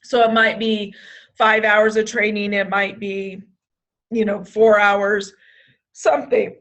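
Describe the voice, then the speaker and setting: A woman's voice: mid-range voice, flat delivery, takes it slowly, fairly bright tone, highs cut off. A woman presenting a staff training session, restarting phrases often, with hiccups now and then. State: has hiccups. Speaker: state program trainer.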